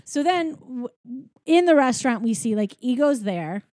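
A woman's voice: fairly high pitch, expressive, moderate pace, darkish tone, no room sound, studio quality. A young woman in casual chat, animatedly retelling a story and acting out quoted lines. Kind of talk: casual movie recap chat.

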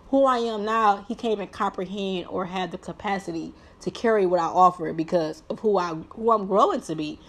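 Young woman, vlogger, earnest, "like"-heavy, heartfelt advice to viewers. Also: medium pitch. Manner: earnest, heavy use of "like", preachy encouragement. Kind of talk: heartfelt personal talk to viewers.

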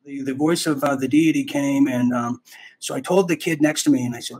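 Man, podcast host, husky, mid-pitched, casual storytelling, rambling, self-interrupting. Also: fairly quick, a little mellow, rough recording.

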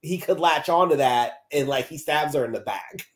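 A man's voice: fairly high pitch, moderate pace. A man co-hosting a podcast, rambling through casual chat with lots of fillers and swearing. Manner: rambling, filler-heavy, profane. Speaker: podcast co-host.

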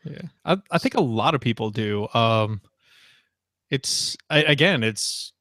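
A man's voice: medium pitch, animated, measured pace, fairly bright tone, no echo. Guy in his 30s rambling, says like a lot, dry close mic. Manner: rambling, lots of fillers and likes. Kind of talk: casual chat.

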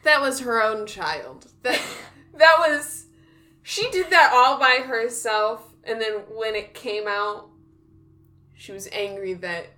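Slow-talking bright-voiced woman chatting. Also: on the high side, lively intonation. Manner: chatty, laughs often, restarts sentences. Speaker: podcast co-host. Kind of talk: casual chat.

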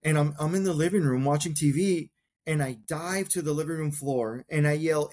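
A man's voice: a little high, fairly quick, darkish tone. A man in his forties, a combat veteran and podcast guest, telling his story in an earnest, reflective way in short plain clauses. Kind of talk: personal storytelling in a conversation.

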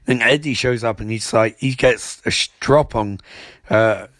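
A man's voice: on the low side, unhurried, a bit bright, no room sound, studio quality. A young man giving a rambling, mocking recap of a TV episode. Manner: rambling, mocking, with filler restarts.

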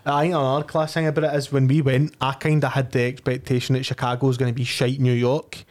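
Quick chatty Scottish man. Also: medium pitch, little pitch movement, darkish tone. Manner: chatty, mocking impressions in anecdotes. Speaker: podcast co-host. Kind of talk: casual podcast chat.

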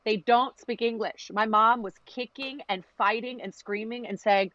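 A woman telling her immigrant family's story in a casual conversation, getting animated and jumping higher when she quotes her mother. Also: moderate pace, few pauses, no room sound, highs cut off. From United States, born to Greek immigrant parents. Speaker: guest.

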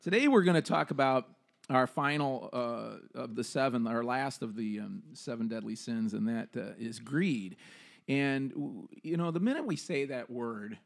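Easygoing pastor hosting a podcast. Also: male voice, mid-range voice, normal speed, creaky. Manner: relaxed, hesitant, many fillers. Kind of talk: casual podcast chat.

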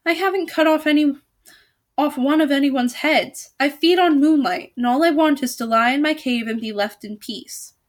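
A woman reading a storybook aloud, voicing a gentle, timid male dragon with three heads who pleads and hisses. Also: sits high, moderate pace, pitched above the performer's own voice, close to an everyday voice. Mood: plaintive. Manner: hissing, pleading.

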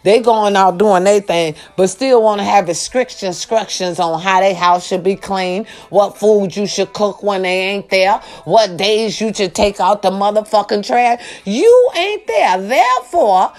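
A woman's voice: medium pitch, unhurried, hardly any pauses. A woman vlogger delivering an angry, emphatic, profane rant straight to camera, repeating lines for effect. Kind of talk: ranting monologue to camera.

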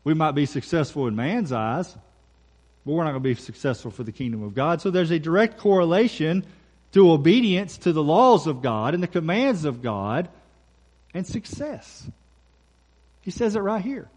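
A man preaching a sermon as pastor, emphatic, repeating key phrases and slowing down for scripture. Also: a little high, lively intonation, a little mellow.

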